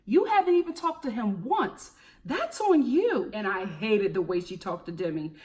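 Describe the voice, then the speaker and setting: A young woman with a Philadelphia accent giving a casual, opinionated TV recap, sassy and animated, calling people honey and girl. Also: medium pitch, normal speed. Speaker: TV recap vlogger.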